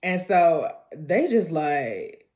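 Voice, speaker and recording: A woman in a casual vlog, recapping and reacting to a TV episode in an animated, slangy, chatty way. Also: low-pitched, drawn-out words.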